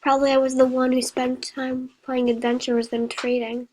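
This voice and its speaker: A woman reading a horror story aloud in a slow, even way, with a few slips. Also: high-pitched, a little hiss or hum, rough recording.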